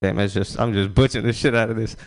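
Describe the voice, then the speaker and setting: A man's voice: on the low side, steady tone, fast talker. A man performing a casual, rambling stand-up set at an open mic, laughing at his own jokes. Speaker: stand-up comedian.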